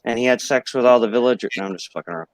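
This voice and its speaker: A man's voice: medium pitch, very fast, dry recording. A man in a late-night group chat, cracking crude teasing jokes and then deadpanning them away.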